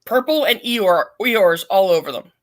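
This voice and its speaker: A middle-aged woman, a podcast guest, telling a long story in a blunt, profane and animated way. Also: medium pitch, normal speed. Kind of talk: casual storytelling.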